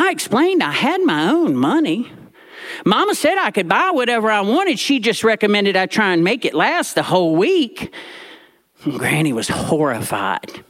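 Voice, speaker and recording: Male storyteller, animated stage delivery, swooping expressive pitch. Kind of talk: storytelling to a live audience.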